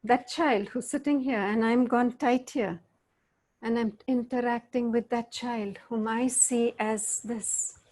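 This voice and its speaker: Slow, higher-pitched woman facilitator. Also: steady tone, darkish tone. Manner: questions the audience often, demonstrates tones of voice. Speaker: workshop facilitator. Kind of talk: interactive online talk.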